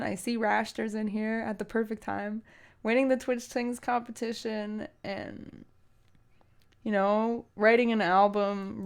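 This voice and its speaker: A young woman streamer chatting casually with her viewers, emotional and teary, rambling with many fillers. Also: mid-range voice. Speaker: streamer and singer. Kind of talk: casual live-stream chat.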